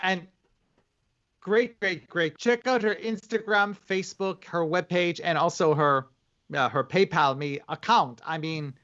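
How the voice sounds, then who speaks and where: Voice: medium pitch, measured pace, a bit bright, dull audio. A co-host of a casual livestream, gushing and gossipy, talking animatedly.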